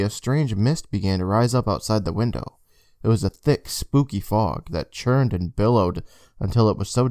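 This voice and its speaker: A man's voice: dry recording, studio quality. A man hosting a podcast, reading a spooky children's book aloud in a casual, dramatic way. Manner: lively, dramatic reading with wide pitch swings.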